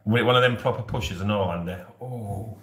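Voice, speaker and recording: A man's voice: on the low side, moderate pace, fairly bright tone. A man in his forties with a Yorkshire accent, hosting a casual live stream and rambling jokily to his viewers with frequent laughs. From Yorkshire, England. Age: 40s. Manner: jokey and rambling, often laughing. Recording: roomy echo.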